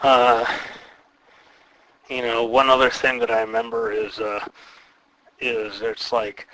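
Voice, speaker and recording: A man hosting a wrestling podcast, rambling on in an opinionated way and filling his speech with "uh" and "you know." His voice is mid-pitched and bright, recorded dry and close on a podcast mic. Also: fairly even intonation, takes it slowly, pauses often, dry recording, low-quality recording. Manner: rambling, opinionated, many fillers. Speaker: podcast host, wrestling promoter. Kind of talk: casual podcast commentary.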